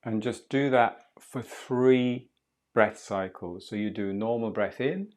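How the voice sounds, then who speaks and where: A man leading a guided breathwork class, speaking slowly, softly and calmly. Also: fairly low pitch. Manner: slow, soft and calm guidance. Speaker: breathwork instructor.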